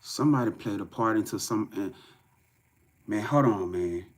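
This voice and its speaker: A man giving a live spiritual reading to viewers, talking in a profane, repetitive, animated way. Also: fairly low pitch, moderate pace. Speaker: tarot reader.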